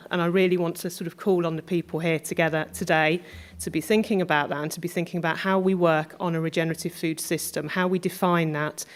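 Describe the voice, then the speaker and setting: A woman on a conference panel with a somewhat low voice. She talks in an easy, conversational way and presses the audience with questions. She wants them to call out answers. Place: conference room.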